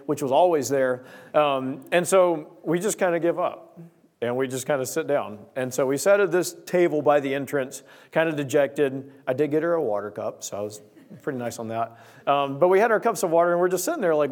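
A young man preaching, opening his sermon with a lively personal story and acting out his own lines. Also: on the high side. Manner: storytelling, animated quoting of himself.

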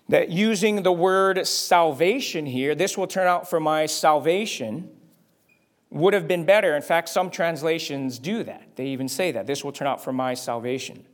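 A man preaching a sermon as a pastor, conversational, asking rhetorical questions and shifting pitch and volume for emphasis.

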